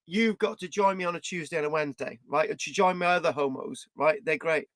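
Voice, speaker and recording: A man's voice: a little high, brisk, fairly bright tone, dry recording. A British man vlogging in a rambling, scattered way, swearing and tagging his lines with "right?". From Britain. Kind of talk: rambling casual vlog.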